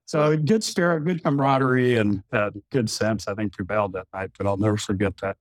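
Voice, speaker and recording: A man, a retired general, telling a long anecdote with frequent chuckles in a relaxed podcast chat. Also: fairly low pitch, fairly quick, hardly any pauses, no echo. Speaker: retired general, former wing commander.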